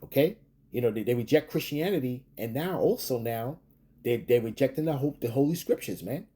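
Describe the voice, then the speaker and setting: A man's voice: mid-range voice, lively intonation, dark tone, breathy edge. A man preaching and commenting on scripture, repeating himself and ending lines with "man" and rising "okay?". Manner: halting restarts, emphatic rising tags. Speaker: street preacher.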